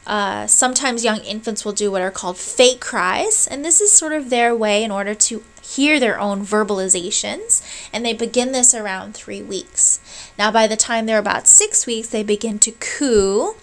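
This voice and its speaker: A woman's voice: fairly high pitch, moderate pace, poor audio. A woman giving a recorded college lecture, walking through each point patiently. She often checks in with her listeners before moving on, and now and then says sounds aloud to show what she means. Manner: explanatory, checks in with "right?" and "okay?"; demonstrates baby sounds aloud.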